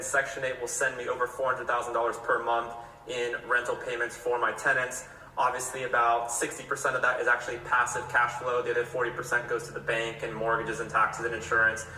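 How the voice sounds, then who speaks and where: A man answering in a deadpan, matter-of-fact way. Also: mid-range voice, slight background noise. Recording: roomy sound from a distant mic.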